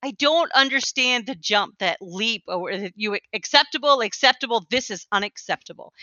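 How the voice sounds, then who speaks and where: A woman's voice: medium pitch, animated, normal speed, sharp tone, dry recording, muffled recording. A woman co-hosting a podcast in casual chat, emphatic, often restarting and trailing off. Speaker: podcast co-host.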